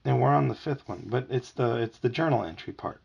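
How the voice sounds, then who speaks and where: A man with a gravelly voice reading a children's book aloud at home, lively and expressive. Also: medium pitch, a little fast, dull audio.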